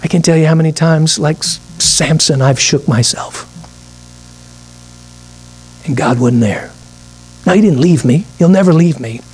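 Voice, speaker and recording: Preacher with a higher voice. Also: male voice, unhurried, pauses often, darkish tone, husky. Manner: preaching with scripture reading and acted asides. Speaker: pastor. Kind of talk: midweek sermon.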